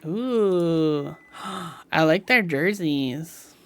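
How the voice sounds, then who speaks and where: Speaking very slowly in a deep, resonant, animated voice, this woman streams live from home and chats casually while reading her viewers' messages. Her delivery is clear, sprinkled with the filler "like" and ready laughter.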